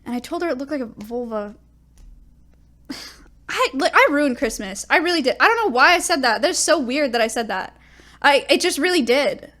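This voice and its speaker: High-voiced young woman rambling through stories. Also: expressive, normal speed, sharp tone. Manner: rambling, self-deprecating storytelling. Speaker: streamer. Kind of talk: casual chat.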